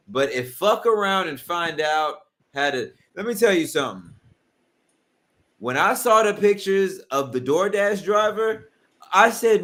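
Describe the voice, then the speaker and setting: A man's voice: a little high, fairly bright tone. A man hosting a podcast in casual chat, joking and riffing.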